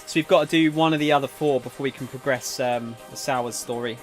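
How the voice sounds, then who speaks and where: A man's voice: medium pitch, fairly even intonation, a little fast, faint music behind. Chatty man streaming a game. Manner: chatty, jokey, asks chat for input. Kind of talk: casual let's-play commentary.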